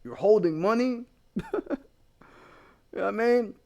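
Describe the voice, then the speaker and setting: A man delivers a heated, profanity-laced rant, talking straight to his viewers. His voice sits a bit high for a man, and he keeps it blunt and casual throughout. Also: unhurried, gravelly, darkish tone, lo-fi sound. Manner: blunt, heated, swearing constantly, addressing viewers directly. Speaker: commentary channel host.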